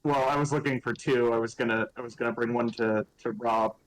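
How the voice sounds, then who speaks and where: A man's voice: medium pitch, steady tone, brisk, low-quality recording. A man playing his character at a tabletop game in casual talk, hesitant and full of fillers. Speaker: player.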